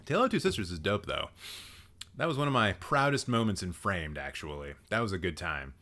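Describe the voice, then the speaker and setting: Male host, live-stream commentary, blunt, sarcastic, swears a lot, lively up-and-down pitch. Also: fairly quick.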